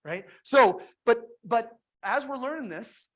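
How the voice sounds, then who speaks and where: A woman's voice: a little high, measured pace. A woman giving a motivational direct-sales talk, retelling her conversations with lots of restarts and repeated words. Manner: energetic storytelling with frequent restarts.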